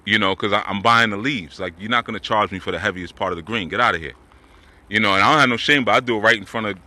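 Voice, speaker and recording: Man, spiritual teacher, laid-back rambling storyteller, fairly low pitch, bright sharp tone. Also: fast. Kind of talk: casual talk while walking. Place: outdoors in the woods.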